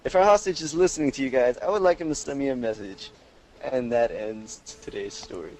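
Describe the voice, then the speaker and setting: A man's voice: mid-range voice, brisk, a little mellow, rough recording. A young man co-hosting a gaming podcast, reading a listener's story aloud and chatting casually. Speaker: podcast co-host.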